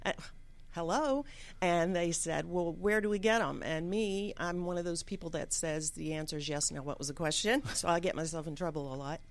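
A woman as a guest on a business radio show, telling her story in a lively way and acting out what people said. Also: fairly low pitch, normal speed. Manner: lively storyteller, acts out quotes. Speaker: guest, gift business owner. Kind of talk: casual interview answers. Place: radio studio.

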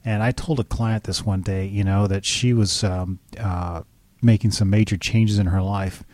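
A man's voice: on the low side, fairly even intonation, moderate pace, a little mellow, no echo. A man hosting a podcast interview, chatting enthusiastically and rambling with frequent restarts. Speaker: podcast host. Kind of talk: casual interview chat.

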